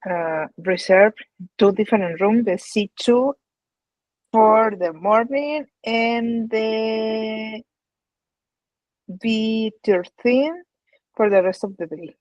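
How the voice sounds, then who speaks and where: Woman student, answers slowly, lots of "uh", dry sound. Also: fairly high pitch, darkish tone, no room sound, low-quality recording. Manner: hesitant, searches for words. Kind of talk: answering in class.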